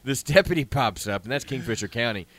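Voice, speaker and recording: An animated man tells a self-deprecating story in casual conversation. His voice is bright and forward at a middle pitch, and it lifts as he gets into the telling. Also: fast, dry recording. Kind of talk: casual chat.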